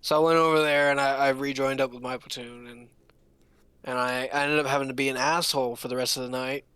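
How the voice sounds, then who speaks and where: A young man telling a long story casually, rambling with restarts and pitching up to mimic others. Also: steady tone, fast talker, a bit bright, smooth, no room sound. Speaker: podcast co-host. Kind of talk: casual storytelling among friends.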